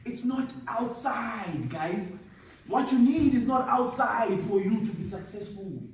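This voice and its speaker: A man's voice: high-pitched, slow pace. A man giving an emphatic, storytelling talk at a seminar, recorded from a distance in an echoey hall. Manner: storytelling, emphatic, laughs at himself. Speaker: motivational speaker. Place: seminar venue.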